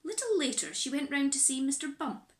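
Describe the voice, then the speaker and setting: A woman reading a children's picture book aloud in an animated, expressive way, recorded in an echoey room. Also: high voice, a little fast. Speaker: storyteller.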